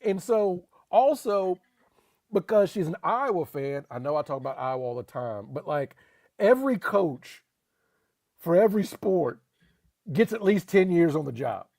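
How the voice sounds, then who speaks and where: Gravelly-voiced man in casual sports chat. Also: sits high, measured pace, no echo, studio quality. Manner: animated, laughing, emphatic repetitions. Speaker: podcast co-host.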